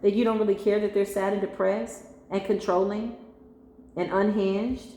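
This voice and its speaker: Speaking directly to her audience, this woman delivers an emphatic, slangy spiritual tarot reading in a mixed Spanglish accent. Her medium-pitched voice has a dark tone and a flat delivery at a moderate pace, and the room is echoey with faint ambience.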